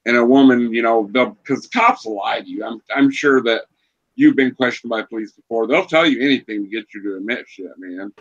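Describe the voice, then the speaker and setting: A man's voice: mid-range voice, a little fast, dull audio. A man hosting a casual podcast chat, telling loose, profane stories with lots of fillers. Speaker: podcast host.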